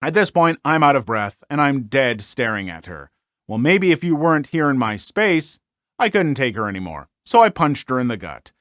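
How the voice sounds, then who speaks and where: A man hosting a story channel, reading online stories aloud and commenting on them in an animated, exclaiming way with frequent filler words. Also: mid-range voice, moderate pace, dry recording, clean studio sound.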